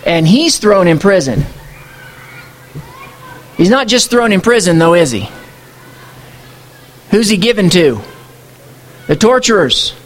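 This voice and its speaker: A man's voice: high voice, big pitch swings, takes it slowly, long pauses, a little hiss or hum. A man preaching a sermon, working through scripture verse by verse in a conversational tone and asking his listeners rhetorical questions. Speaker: pastor.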